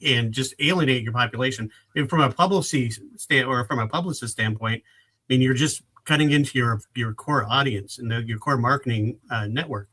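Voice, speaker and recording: A man's voice: mid-range voice, brisk, sharp tone, rough recording. A man appearing as a podcast guest who speaks bluntly and emphatically in casual chat.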